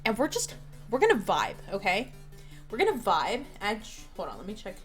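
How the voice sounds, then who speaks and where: A woman hosting a live stream in casual chat, hyper and excitable, meowing playfully at her chat. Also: mid-range voice, moderate pace, faint music behind. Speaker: streamer host.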